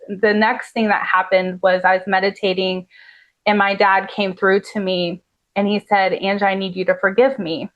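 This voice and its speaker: A woman's voice: medium pitch, highs cut off. A woman who is a podcast guest, telling a personal story in an earnest, heartfelt way with many "like" fillers.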